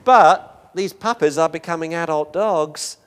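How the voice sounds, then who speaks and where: A man lecturing on dog behavior over video footage. He is animated and chuckling, and acts out the dogs' voices. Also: fairly high pitch, unhurried, smooth.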